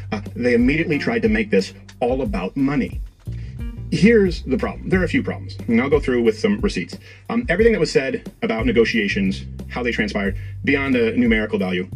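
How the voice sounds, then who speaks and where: A man giving an intense, emphatic monologue in a played clip. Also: medium pitch. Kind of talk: monologue commentary.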